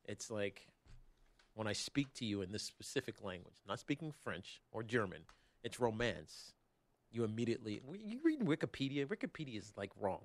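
A man hosting a sports talk show, rambling and joking in a casual, animated way with lots of fillers. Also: on the low side, no echo. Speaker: sports radio host.

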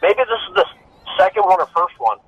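A man's voice: sits high, sing-song, a little fast, a bit bright, breathy edge, dry recording, faint music behind. A man calling in to a radio show, talking earnestly and conversationally over a phone line. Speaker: caller. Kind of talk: call-in radio chat.

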